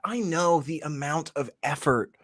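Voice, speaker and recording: A man's voice: fairly high pitch, measured pace, a bit bright. A man hosting a live online talk show, reacting to a clip with incredulous sarcasm and frequent laughter. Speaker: host. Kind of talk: casual live chat reacting to a video.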